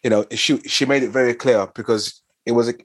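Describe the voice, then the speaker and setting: A man's voice: mid-range voice, steady tone, fairly quick, a bit bright, dry recording. A man in casual podcast chat, earnest and opinionated, restarting his sentences often.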